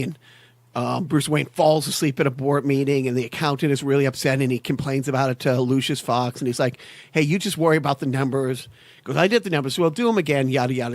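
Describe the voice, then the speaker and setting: A man's voice: medium pitch, dry recording. A man co-hosting a podcast in casual chat, rambling and enthusiastic as he retells movie scenes. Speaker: podcast co-host.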